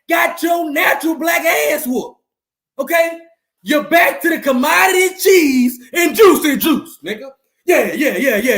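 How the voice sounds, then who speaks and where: A man hosting a live sports stream, loudly gloating and trash-talking, repeating his jabs and breaking into laughs and whoops. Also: very high voice, roomy sound.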